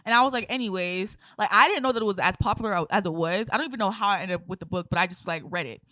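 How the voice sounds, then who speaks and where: A woman's voice: medium pitch, very fast, sharp tone, no echo, studio quality. A woman in her twenties co-hosting a podcast, talking casually and emphatically, retelling her own reactions. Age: 20s. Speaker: podcast co-host. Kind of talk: casual chat.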